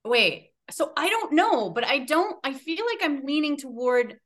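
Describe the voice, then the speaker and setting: A woman's voice: sits high, very animated, moderate pace. A woman hosting a podcast in casual chat, hesitant and thoughtful, rethinking mid-sentence. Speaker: podcast host and episode producer.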